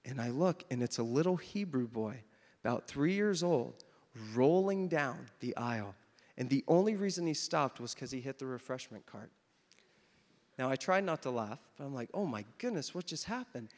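A man's voice: mid-range voice, normal speed. Man preaching in a reverberant hall. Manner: storytelling, animated and emphatic. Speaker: pastor. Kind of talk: sermon.

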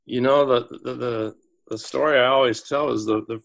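A man working in school administration, telling a long story in an interview, halting and repeating words as he goes. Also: mid-range voice, steady tone, gravelly.

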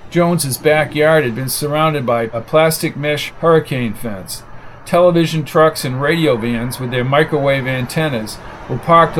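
A man narrating an audiobook in an even, measured scripted reading. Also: fairly high pitch, slight background noise, rough recording.

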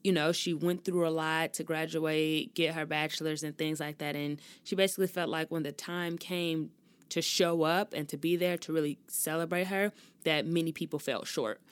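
Low-voiced woman ranting on her podcast. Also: moderate pace, clean tone, no room sound. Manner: expressive, ranting, with frequent cursing. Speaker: podcast host. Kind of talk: casual solo talk.

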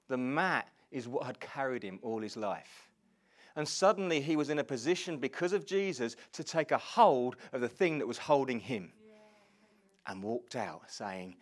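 A man preaching a sermon and asking the congregation questions. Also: mid-range voice. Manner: animated, asks the congregation questions.

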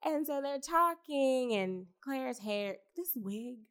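A woman's voice: high voice, lively intonation, slow pace, a bit bright, clean tone. A young woman chatting casually about a film as podcast co-host, laughing often, swearing and using lots of fillers. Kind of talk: casual film review chat.

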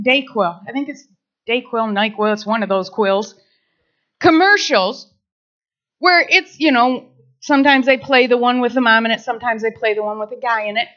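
A woman preaching a sermon to women, lively and playful, acting out little scenes. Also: fairly high pitch. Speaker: women's ministry speaker. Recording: dull lo-fi recording.

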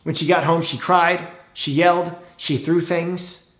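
A man's voice: fairly high pitch, fairly even intonation, a little slow, fairly bright tone, roomy sound. A man telling a heartfelt story as a pastor giving a sermon, sometimes voicing the people in it.

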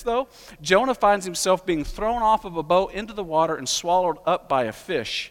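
Man, pastor, sermon, high voice, long hall reverb, storytelling delivery. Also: expressive, fairly quick. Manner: storytelling, builds to emphatic peaks. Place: church sanctuary.

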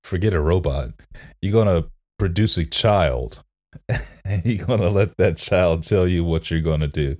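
A man's voice: sits low, measured pace, darkish tone. A man in casual podcast chat, teasing and playful with his co-host.

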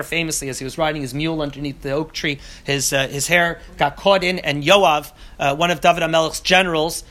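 A man teaching a class on scripture, talking in an animated way with many restarts and asides. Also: a little high.

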